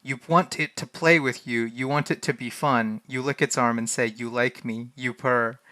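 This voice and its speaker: Young guy streaming a text game, bright clear voice, dry sound, keeps laughing and reading stuff out. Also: mid-range voice, steady tone, moderate pace, no room sound. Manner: laughing, flustered, reads the game text aloud. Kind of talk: casual live-stream commentary.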